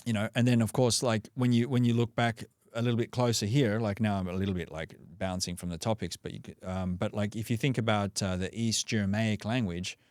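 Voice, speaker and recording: A man's voice: lowish voice, fairly even intonation, brisk, hardly any pauses, a little mellow, no echo, studio quality. An Australian man talking as a podcast guest in a loose, rambling way, full of fillers and restarts. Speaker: podcast guest, breathwork coach. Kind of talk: casual conversational interview.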